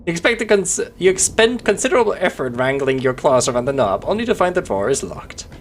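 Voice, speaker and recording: A streamer reading a text adventure aloud to a livestream audience, narrating expressively and breaking off to chat with viewers. The pitch swings widely and keeps the delivery animated. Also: quick pace, a little hiss or hum.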